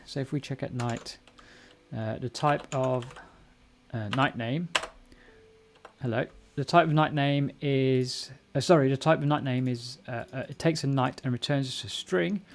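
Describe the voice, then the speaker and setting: A man's voice: mid-range voice, gravelly, darkish tone, slight background noise. A man hosting a casual live coding stream at home, thinking aloud and correcting himself as he goes. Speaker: live-stream host learning a programming language. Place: home room at a computer. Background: keyboard typing and clicks.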